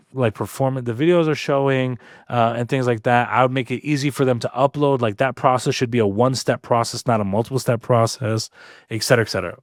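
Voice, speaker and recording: A man co-hosting a podcast, telling a story in a casual, animated way with lots of fillers. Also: mid-range voice, no echo, clean studio sound. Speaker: podcast co-host. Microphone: podcast studio mic.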